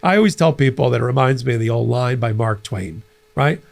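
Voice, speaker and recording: A middle-aged man hosting a political commentary show, talking in an animated, conversational way with frequent restarts. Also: mid-range voice, brisk, gravelly. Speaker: host.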